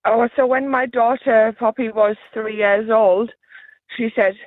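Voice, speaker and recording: A woman's voice: fairly high pitch, steady tone, moderate pace, no room sound. A woman calling a radio show, chatty and laughing as she tells a story about her kids. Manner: chatty, laughs while telling. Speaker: radio caller, mother. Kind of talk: telling a family anecdote on the phone. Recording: phone line.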